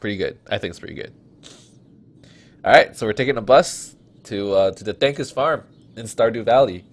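A man's voice: on the low side, moderate pace. A man casually commenting on a farming game, joking and laughing often as he plays. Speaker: gaming channel host. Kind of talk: let's play commentary.

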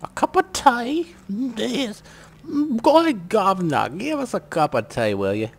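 A man putting on a comic impression of a posh British lady, high and exaggerated. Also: sing-song, a little slow, vocal fry, slightly rough, exaggerated voice. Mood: mock-posh. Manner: mock-genteel, high and exaggerated.

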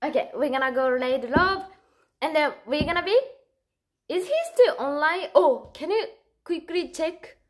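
Giggly high-voiced woman streamer. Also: unhurried. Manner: giggly and excitable, laughs often. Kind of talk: casual livestream chat.

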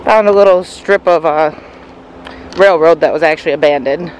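A man's voice: on the high side, moderate pace, a little hiss or hum, rough recording. A man hosting a casual vlog outdoors on a nature trail, easygoing and chuckling often between fillers. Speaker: vlogger.

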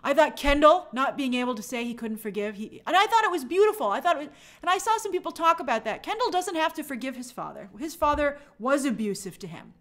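A woman's voice: high voice, very animated, quick pace, a bit bright. A woman hosting a live stream, chatting casually about a TV episode and reading viewers' comments aloud. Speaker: host of a TV and film news show.

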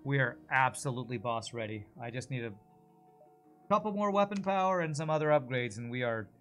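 A man's voice: medium pitch, expressive, fairly quick, a bit bright, faint music behind. Chatty man streaming a strategy game. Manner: chatty, thinks aloud and answers viewer messages. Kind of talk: casual live gameplay commentary.

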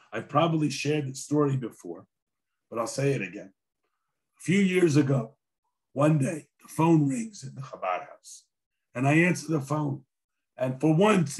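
A hoarse man who is a rabbi lectures in a relaxed, conversational way, slipping in dry jokes as he tells a story. His voice sits a little high for a man. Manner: conversational and wry, with dry humor. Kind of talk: sermon-style lecture with storytelling.

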